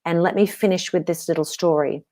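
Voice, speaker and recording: An older woman giving an emotional, animated motivational talk as a guest speaker on an online video call. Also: lowish voice, brisk.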